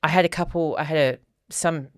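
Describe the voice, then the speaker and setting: A woman with a fairly low voice telling a candid personal story on a podcast. She talks in an easy, casual way and livens up whenever she quotes someone. The recording is dry and close, with no room sound. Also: brisk, dry recording. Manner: candid storytelling, animated when quoting others. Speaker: podcast co-host.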